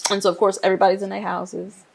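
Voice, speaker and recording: A woman from Nigeria, an interior designer, telling her career story in a casual, lively way and laughing often. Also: medium pitch, very fast, creaky, slight background noise. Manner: lively, laughs often, acts out quoted voices.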